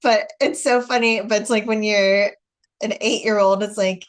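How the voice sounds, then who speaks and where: A chatty American woman in her forties talks over a video call. She spins anecdotes, breaks into laughter often and acts out both sides of a conversation. Her pitch sits in an ordinary middle range. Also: steady tone, normal speed. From United States. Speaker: host. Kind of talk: casual chat on a video call.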